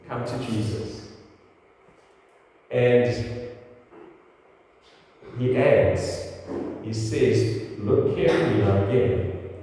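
A man's voice: mid-range voice, warm tone. A man preaching a sermon to his congregation in an earnest, direct way, speaking in a church. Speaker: pastor. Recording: echoey hall, mic at a distance.

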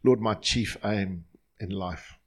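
A man's voice: lowish voice, slow pace. A male pastor leading his congregation in an earnest, line-by-line prayer during a sermon in a church.

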